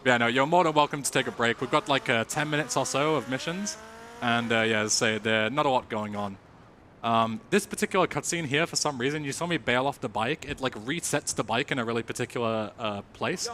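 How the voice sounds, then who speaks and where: An Englishman talks through his speedrun at a live charity event, easygoing and chatty, his words dotted with ums and uhs. His voice sits at an ordinary middle pitch. A steady hum of noise runs behind him on the event mic. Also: brisk. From England. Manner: relaxed, chatty, with frequent fillers. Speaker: speedrunner commentating his own run.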